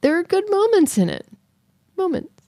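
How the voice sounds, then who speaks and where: A woman's voice: mid-range voice, moderate pace, a little mellow, dry recording. A woman co-hosting a podcast, chatting casually and acting out little quoted voices as she tells stories. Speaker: podcast co-host. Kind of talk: casual chat.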